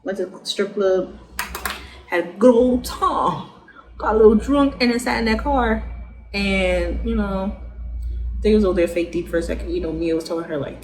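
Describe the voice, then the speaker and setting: A young adult woman recapping a TV episode in a casual, slangy way, laughing often and animated. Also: mid-range voice, normal speed, long pauses, a little hiss or hum, low-quality recording. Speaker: vlogger reviewing a TV show.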